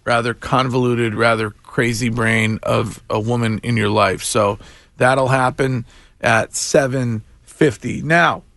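A man hosting a morning radio show, talking in a wry, animated way with chuckling asides. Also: medium pitch, slow pace, no room sound, studio quality. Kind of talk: casual talk radio banter. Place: radio studio.

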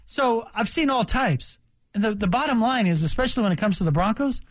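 A man in his fifties talks sports on the radio in an unusually high voice. He is emphatic and opinionated and speaks with animated energy into a studio mic. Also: a little fast. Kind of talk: sports talk radio chat.

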